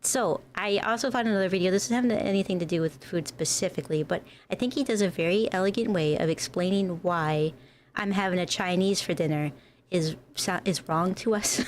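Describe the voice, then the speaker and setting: Chatty, low-voiced woman. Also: a little fast, slight background noise. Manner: chatty, giggly. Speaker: livestream co-host. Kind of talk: casual chat.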